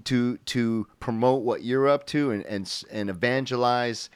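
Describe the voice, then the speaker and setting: A man's voice: medium pitch, measured pace, clear, resonant tone, dry recording. A man hosting a podcast in casual interview chat, talking with enthusiasm and often repeating words as he goes. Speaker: podcast host.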